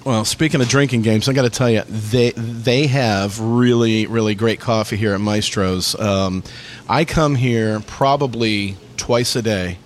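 A man's voice: fairly low pitch, steady tone, measured pace. A man co-hosting a casual radio chat show from a cafe, talking in a rambling, jokey way.

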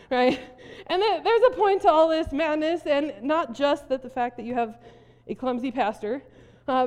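In a church hall with long reverb, a woman pastor from South Dakota animatedly tells a story during her sermon, laughing often. She speaks in a high-pitched, slightly mellow voice.

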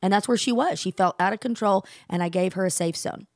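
A woman in her forties co-hosting a podcast, telling stories in an emphatic, animated way. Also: medium pitch, fast, dry recording, clean studio sound. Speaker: podcast co-host. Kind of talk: casual chat.

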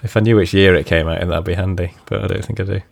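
A man co-hosting a casual podcast, chatty and relaxed, laughing easily. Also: sits low, racing, vocal fry. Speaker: podcast co-host.

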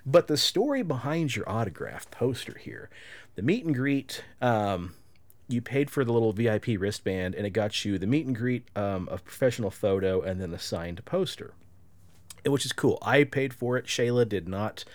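Man, podcast co-host; animated raconteur with a lively, swinging pitch. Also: normal speed. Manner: animated, acts out quotes in raised voices, swears, laughs. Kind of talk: casual storytelling chat.

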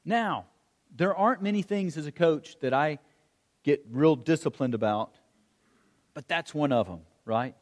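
A middle-aged man preaching a sermon, telling stories in an animated way and acting out the calls of a coach. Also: fairly high pitch, measured pace, pauses often. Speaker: pastor. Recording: long hall reverb.

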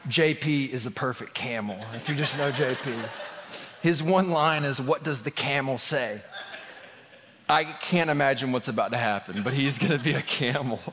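A man's voice: medium pitch, a bit bright, in a large hall. A man preaching a sermon as a pastor, telling a funny story with lots of laughter and filler words. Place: church.

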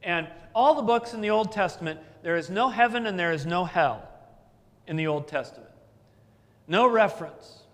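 A man preaching a sermon as the pastor, telling stories in a relaxed, conversational way with asides. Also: high voice, normal speed, long reverb tail.

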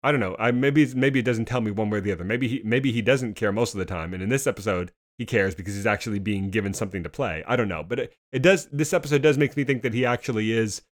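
A man co-hosting a casual talk about TV episodes, rambling and restarting his sentences often. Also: fairly low pitch. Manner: fast, rambling, many restarts. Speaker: podcast co-host. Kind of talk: casual TV discussion.

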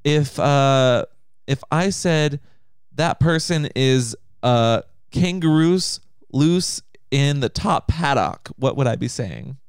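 Playful man with lively pitch, dry sound. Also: takes it slowly, clear, resonant tone, no echo. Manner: playful, teasing, animated. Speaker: podcast co-host. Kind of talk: casual chat.

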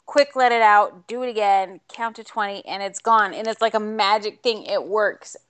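A woman co-hosting a casual podcast, animated and acting out her reactions, with the hiccups. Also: mid-range voice, moderate pace. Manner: animated storyteller with acted-out reactions. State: has the hiccups.

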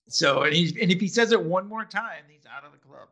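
A man's voice: high voice, animated, normal speed, long pauses, a bit bright. A man co-hosting a casual chat, recapping a TV episode, laughing often and restarting his sentences. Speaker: podcast co-host.

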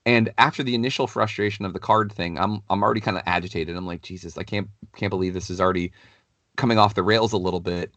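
Low-voiced man telling a rambling story. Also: quick pace, dry recording. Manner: animated, rambling, many "like" fillers. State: has a cold, clears throat. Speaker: podcast co-host. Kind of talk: casual storytelling chat.

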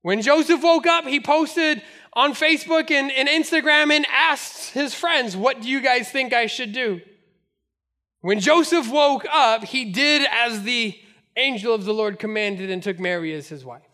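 A male pastor preaching with a very high, bright voice. He tells his stories with animated energy and laughs often as he goes. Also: unhurried. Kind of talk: sermon.

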